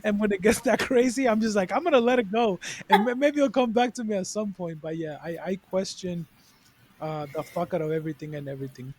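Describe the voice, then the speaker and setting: A young man co-hosting a podcast in casual chat, speaking candidly and profanely with animated bursts. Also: high voice, fairly quick, noisy background. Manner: candid, profane, animated, laughs while talking. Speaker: podcast co-host.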